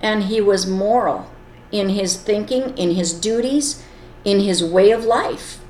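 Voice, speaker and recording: A woman's voice: mid-range voice, measured pace, a little mellow, a little hiss or hum. An earnest woman telling a moral story and then explaining its lesson, with plain wording. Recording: echoey room.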